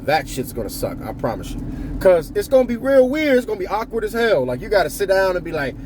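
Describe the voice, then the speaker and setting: A man's voice: high-pitched, sing-song, fast, background noise. A man vlogging in a casual, profane monologue with a blunt, joking manner. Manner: joking, blunt, swears a lot, slips into impressions. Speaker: vlogger giving workplace advice.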